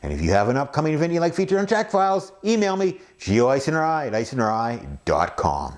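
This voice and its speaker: A male podcast host whose voice sits a little high for a man and swings widely up and down. He reads his segments in an upbeat, playful announcer style. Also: huge pitch swings, fast talker. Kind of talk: scripted podcast narration.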